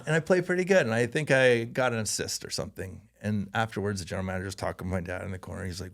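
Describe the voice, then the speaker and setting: Canadian guy spinning a story in an interview, animated, lots of laughing, does little voices. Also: lowish voice, fast talker, vocal fry, hardly any pauses. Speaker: podcast guest, former hockey player.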